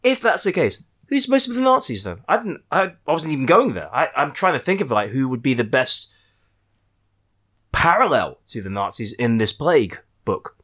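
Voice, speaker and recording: A man's voice: medium pitch, very animated, moderate pace, fairly bright tone, husky. A man hosting a casual book-discussion podcast, joking and rambling with fillers and restarts.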